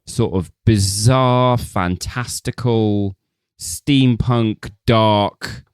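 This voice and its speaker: A man's voice: on the low side, fairly even intonation, very slow, clear, resonant tone, no echo, studio quality. A man co-hosting a casual film podcast, laughing often and swearing freely as he acts out quoted voices. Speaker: podcast co-host.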